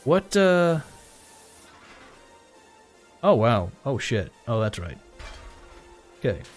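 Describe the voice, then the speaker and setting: A man chats casually on a live stream, acting out both sides of an exchange with frequent swearing and chuckles. His pitch swings widely as he talks, and soft music plays behind him. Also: measured pace. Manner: animated retelling with quoted dialogue, swearing, chuckles. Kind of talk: casual storytelling while gaming.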